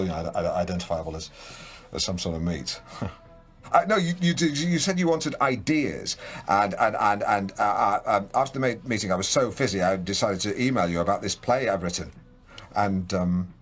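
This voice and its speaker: An actor doing a pompous English radio DJ. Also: male voice, on the low side, close to an everyday voice. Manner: pompous, rambling, fawning. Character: pompous awkward middle-aged male local radio DJ. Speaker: radio host. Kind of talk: comedy radio show.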